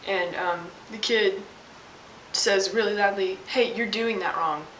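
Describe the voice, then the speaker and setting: A woman's voice: mid-range voice, takes it slowly, fairly bright tone. A young woman telling an exasperated, sassy story as a casual vlog rant. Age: young adult. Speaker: vlogger. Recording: roomy, distant mic with hiss.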